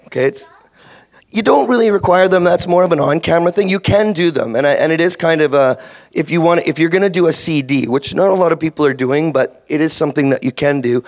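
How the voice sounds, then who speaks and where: A man with a Canadian accent, a voice actor speaking on a convention panel, giving career tips in a rambling, jokey way full of restarts. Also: fairly high pitch. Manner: rambling, jokey, self-interrupting.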